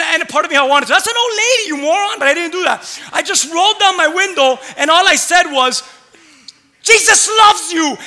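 High, bright-voiced male pastor preaching. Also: in a large hall. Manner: animated storytelling, builds to loud exclamations. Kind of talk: sermon with a personal story.

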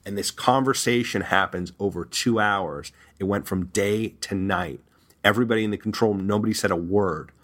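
A man's voice: on the low side, normal speed, a bit bright. A man working as a reality TV producer, telling a story candidly and earnestly, often repeating words for emphasis.

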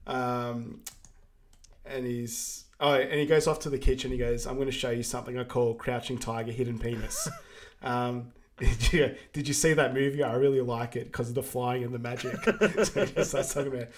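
A man with a mid-pitched voice recaps a film in a relaxed, casual podcast chat. He talks easily and fills his sentences with ums. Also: moderate pace, slight background noise. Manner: relaxed, many ums and fillers. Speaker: podcast co-host.

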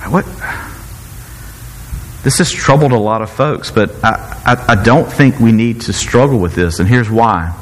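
A man preaching a sermon in an animated, playful way, often breaking off and restarting his sentences. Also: medium pitch, measured pace, pauses often, long reverb tail, slight background noise, low-quality recording. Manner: animated, self-interrupting, playful asides. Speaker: pastor.

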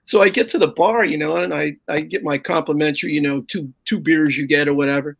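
Man, middle-aged, comic, raspy fry in the voice, high-pitched, lively swearing anecdotes. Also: brisk. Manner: animated anecdote with profanity and quoted voices. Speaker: stand-up comedian guest. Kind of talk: casual storytelling on a podcast.

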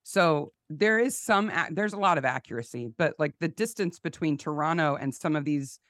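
A woman's voice: low-pitched, moderate pace, dry recording, studio quality. A woman guest on a podcast, chatting casually and with enthusiasm about a TV show. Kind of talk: casual chat.

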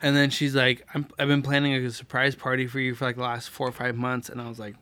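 A young man in his late twenties tells a long story at a fast clip. His voice sits a bit high and bright, and it sounds close and dry. He acts out the quoted lines of the people in his story. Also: completely flat delivery, smooth, dry recording. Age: 20s. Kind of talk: casual storytelling chat.

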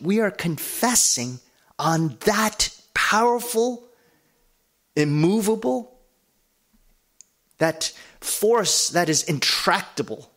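A man's voice: mid-range voice, a bit bright. Man preaching an earnest sermon. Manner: earnest preaching, building emphasis with lists. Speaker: pastor.

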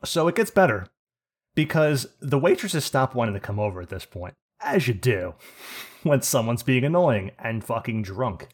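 A man co-hosting a podcast, telling a story in an animated, profane rant and laughing as he goes. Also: mid-range voice, normal speed, slightly rough. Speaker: podcast co-host.

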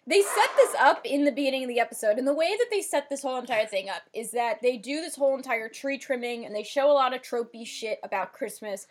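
A woman's voice: sits high, fast talker, few pauses. A woman co-hosting a podcast, emphatically recapping a TV show and swearing freely. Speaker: podcast co-host. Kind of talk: casual chat recapping a TV show.

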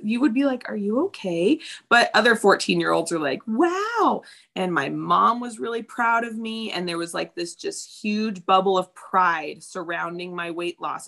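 Woman, 30s, gravelly fry, candid and profane in casual chat. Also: mid-range voice, a bit bright. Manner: candid, swearing freely, acts out quotes.

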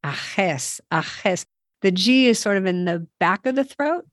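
A woman's voice: medium pitch, lively intonation, unhurried, dry recording, studio quality. A woman who is a native English speaker hosting a podcast language lesson, upbeat and self-deprecating as she prompts each word. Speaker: podcast host.

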